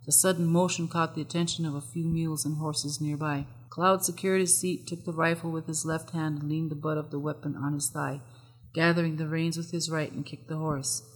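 A narrator reads a story aloud in an even, measured manner, at a middle pitch. The voice carries a long, lingering reverb, as if recorded in a large hall. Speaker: audiobook narrator. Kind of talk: scripted narration.

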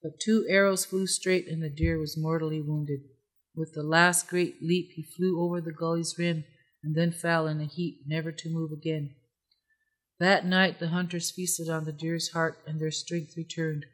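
A storyteller calmly reading a folk tale aloud at a measured pace. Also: mid-range voice. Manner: calm, measured. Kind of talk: scripted story narration.

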